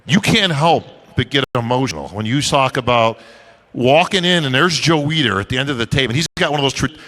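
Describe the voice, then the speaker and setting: A man's voice: medium pitch, poor audio. A man hosting a press conference, reminiscing and introducing guests to an audience. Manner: reminiscing, animated emcee. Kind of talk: emcee speech to audience.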